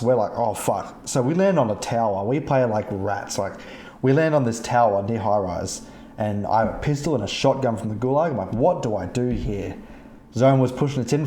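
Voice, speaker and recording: A man hosting a gaming podcast, telling stories in a casual, profane and animated way. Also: medium pitch, roomy sound. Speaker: podcast host. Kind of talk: casual chat, storytelling about gaming. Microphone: streaming mic.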